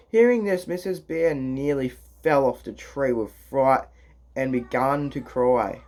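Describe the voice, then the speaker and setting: Slow, halting man reading aloud. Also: mid-range voice, darkish tone. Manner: halting, slow, restarts lines, swears in asides. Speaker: reader. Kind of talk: casual children's book read-aloud.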